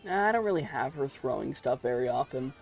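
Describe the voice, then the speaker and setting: A man's voice: mid-range voice, animated, brisk, vocal fry. A man streaming a video game, rambling and joking in casual commentary.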